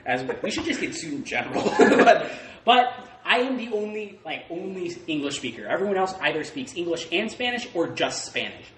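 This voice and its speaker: A man's voice: high-pitched, sing-song, normal speed, background noise. A young man co-hosting a podcast, telling a story between laughs and swearing casually. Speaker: podcast co-host. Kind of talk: casual chat. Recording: echoey room.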